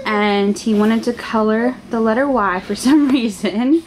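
A woman's voice: a little high, a little slow, background noise. A young American woman vlogging at home in her kitchen, chatting casually and using doting baby-talk with her toddler. She is pregnant and sounds close to tears in places. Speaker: family vlogger.

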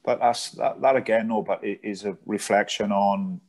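A man's voice: fairly low pitch, fairly even intonation, moderate pace, a little mellow. A man in his thirties, a podcast guest, chatting casually and often asking "do you know what I mean". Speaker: guest, charity founder. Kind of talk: casual chat.

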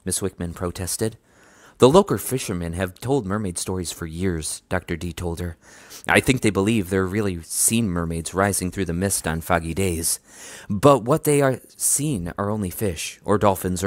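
A man's voice: no room sound, clean studio sound. A man reading a children's book aloud, narrating and lifting his voice for the characters' lines. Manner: lively, raises pitch for dialogue. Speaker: audiobook reader.

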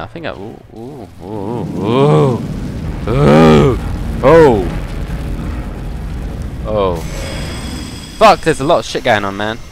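A young man narrates his own horror-game run in a let's play, talking at an ordinary mid pitch. He jokes, curses and breaks into yelps at every scare. A faint background hiss sits under his voice. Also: a bit bright. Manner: jokey, swearing, yelps when scared. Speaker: gamer.

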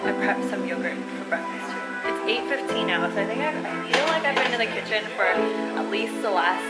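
A young woman from Canada narrates her daily vlog in a chatty, easygoing tone. Her pitch sits right in the middle for a woman. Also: rough recording. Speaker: vlogger.

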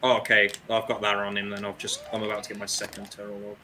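A man's voice: lowish voice, completely flat delivery, fast, bright, forceful tone, slight background noise. A man chatting casually while racing through a speedrun, talking through his moves with self-mocking asides. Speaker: speedrun racer.

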